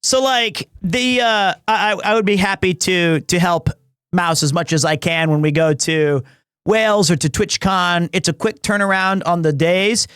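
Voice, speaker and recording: Rambling, high-pitched male streamer. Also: fairly even intonation, normal speed, fairly bright tone, clear, resonant tone, no echo, clean studio sound. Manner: rambling, self-interrupting, chuckles often; jokey and teasing. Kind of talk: casual live-stream chat.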